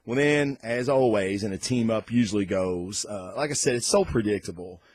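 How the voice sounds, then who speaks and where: A man hosting a casual comic book unboxing and review vlog, talking in an excitable, loose way and cursing freely. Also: lowish voice, normal speed, dry recording, studio quality.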